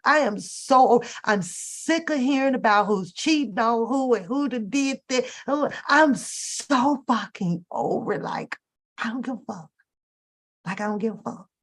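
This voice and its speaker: A woman's voice: on the high side, a little slow. Exasperated woman ranting on a live stream. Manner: animated, exasperated, profane ranting. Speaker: host. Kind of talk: casual live-stream chat.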